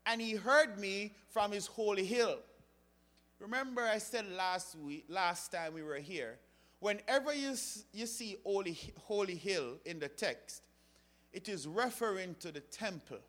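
A man preaching a sermon, rising to loud emphatic appeals and then dropping low. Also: lively intonation, measured pace.

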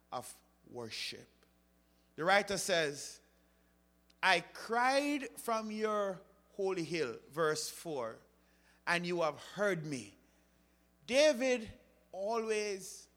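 A man preaching a sermon, rising to loud emphatic appeals and then dropping low.

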